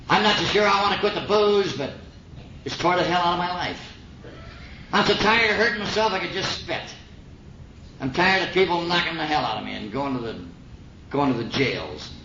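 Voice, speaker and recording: Middle-aged man, folksy earnest recovery talk, roomy muffled 1950s tape with hiss. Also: mid-range voice. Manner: folksy, earnest storytelling with slang. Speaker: AA speaker sharing his story. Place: meeting hall.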